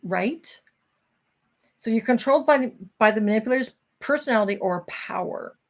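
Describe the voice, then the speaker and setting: A woman's voice: a little high, lively intonation, moderate pace. A middle-aged woman hosting a casual talk, reading from a self-help book and chatting candidly with her viewers.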